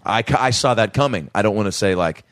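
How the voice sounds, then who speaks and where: A man's voice: on the low side, fast talker, a bit bright, no room sound, studio quality. A man co-hosting a podcast in casual comedic chat, telling stories with acted-out quotes and plenty of swearing. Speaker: podcast co-host.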